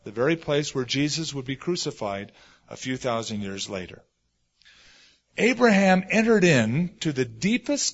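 Pastor with a slightly high, lo-fi voice. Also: male voice. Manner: storytelling with sudden swings between loud and hushed. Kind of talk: sermon. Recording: dull lo-fi sermon recording.

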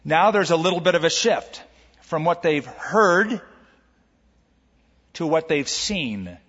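A man preaches with animated emphasis, slowing down to stretch out key words and firing rhetorical questions at the congregation. His voice sits a little high for a man. It rings out in a long church-hall reverb on a dull, lo-fi recording. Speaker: pastor. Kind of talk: sermon.

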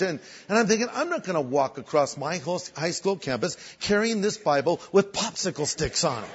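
An older male preacher delivers a story-driven sermon, acting out the people he describes. His voice sits high and the recording sounds dull and lo-fi. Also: animated, moderate pace, slightly rough, in a large hall. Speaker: guest pastor.

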